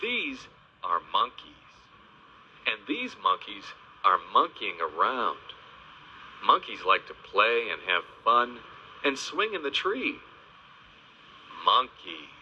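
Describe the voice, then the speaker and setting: A man narrating a children's video in a slow, sing-song teaching voice, stressing each animal name with gentle, exaggerated emphasis. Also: fairly low pitch, very animated, slight background noise. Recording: dull, lo-fi old video soundtrack.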